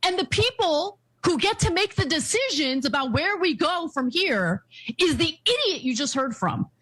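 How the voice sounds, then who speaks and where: A woman's voice: extremely high pitch, very animated, moderate pace, a bit bright. A woman giving heated political commentary in an exasperated, scornful tone.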